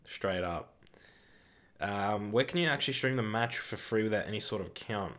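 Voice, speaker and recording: A young British streamer hosting a football watch-along talks at a moderate pace in a lowish voice. He keeps it casual, reads chat aloud, curses and gets excitable.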